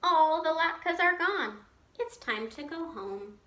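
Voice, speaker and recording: A woman's voice: very high-pitched, animated, takes it slowly, pushed and bright, roomy sound, voice pushed up, heavily acted. A woman playing a cheerful old grandmother. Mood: fond. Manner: cheerful, chatty, fussing hostess. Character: kindly old grandmother with failing eyes.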